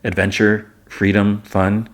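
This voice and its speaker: A man voicing an anxious, earnest woman reporter, speaking a little higher than his own voice. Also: little pitch movement, takes it slowly.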